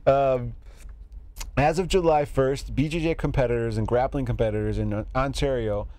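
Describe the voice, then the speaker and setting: A man hosting a podcast in casual chat, laughing often and filling pauses with "uh" and "um". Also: medium pitch, fairly even intonation, warm tone. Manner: laughs often, hesitant fillers. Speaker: podcast co-host.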